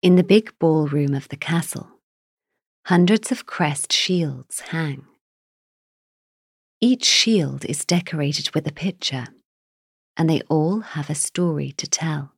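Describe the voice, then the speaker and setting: A woman narrating a children's fairy tale in a measured, gentle reading style. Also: deep voice, creaky, slightly rough, no echo, studio quality. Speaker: storyteller. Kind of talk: storybook narration.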